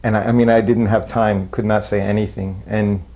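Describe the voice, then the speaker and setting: A man recalling old memories in an interview, halting and self-deprecating, with soft chuckles. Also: on the low side, flat delivery. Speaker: former disciple recalling memories. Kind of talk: reminiscing interview.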